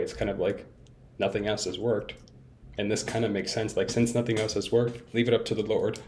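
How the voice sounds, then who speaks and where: This vlogger, a young adult man, talks openly and at length in a casual monologue, full of fillers and restarts and self-mockery. His voice is lowish and darkish, over a slight hiss or hum.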